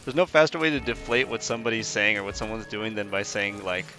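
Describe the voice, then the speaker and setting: Man, 30s, gaming commentator: deep-ish, punchy bright voice, rambling and jokey. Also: animated, fast talker, soft background music. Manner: rambling, joking, laughs often. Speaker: gaming YouTuber. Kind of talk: casual gameplay commentary.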